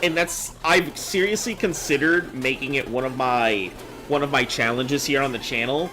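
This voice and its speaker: A man's voice: mid-range voice, normal speed, bright, forceful tone, slight background noise. A man streaming live, chatting casually with viewers, reading chat messages aloud and joking as he goes.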